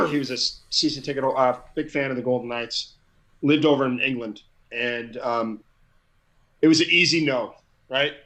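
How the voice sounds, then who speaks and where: A man's voice: medium pitch, moderate pace, a bit bright, low-quality recording. A middle-aged man, a guest on an interview show, tells a story casually and with energy, often repeating words as he gets going. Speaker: guest, crowd hype man.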